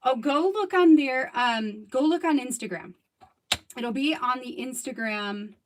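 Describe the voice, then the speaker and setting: A woman's voice: high voice, animated, measured pace, a little hiss or hum. A woman in her thirties chatting casually while crafting on a livestream, rambling and laughing often. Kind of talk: casual live crafting chat.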